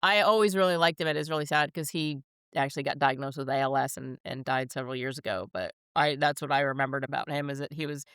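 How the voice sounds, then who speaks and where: A woman in her fifties with a slight New Jersey accent, co-hosting a podcast in casual chat, blunt and quick to swear and laugh. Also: extremely low pitch, fairly even intonation, fairly bright tone, clean tone, no room sound, studio quality. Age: 50s. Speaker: podcast co-host.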